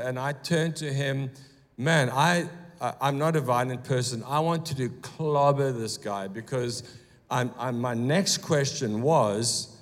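A man telling a personal story as a guest speaker in a church sermon, animated and acting out quoted lines. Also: mid-range voice, moderate pace. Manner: animated, acts out quotes in bursts. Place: church hall. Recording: long church reverb.

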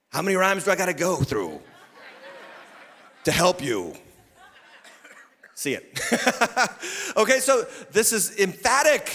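Emphatic preaching pastor in a reverberant hall. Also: male voice, on the high side, big pitch swings, unhurried, long pauses. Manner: emphatic preaching, swinging from loud declarations to quiet asides, with humor. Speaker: lead pastor. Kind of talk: sermon. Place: church sanctuary. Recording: long reverb of a large hall.

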